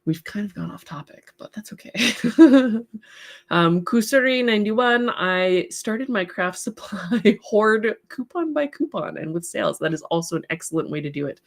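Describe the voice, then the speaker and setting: A woman hosting a craft livestream, chatting casually, reading viewer comments aloud and giving encouraging advice with frequent laughs. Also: on the low side. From part English heritage. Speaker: livestream host, artist.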